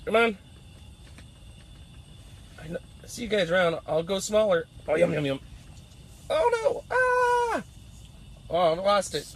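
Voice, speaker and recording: A man's voice: high-pitched, unhurried, pauses often, slight background noise. A man doing playful live commentary while ice fishing outdoors on a frozen pond, teasing the fish as he talks.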